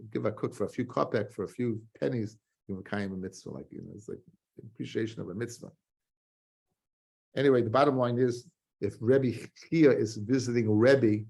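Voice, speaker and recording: A man teaching a Talmud lesson, reading the text aloud and explaining it in quick, restarting spoken English. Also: mid-range voice, vocal fry. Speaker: rabbi teaching daily Talmud page. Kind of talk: Talmud lecture.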